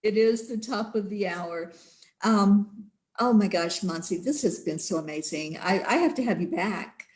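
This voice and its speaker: Woman, show host, affirming, gentle chat. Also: mid-range voice, a little slow. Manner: affirming, frequent agreeing murmurs. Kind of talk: conversational interview.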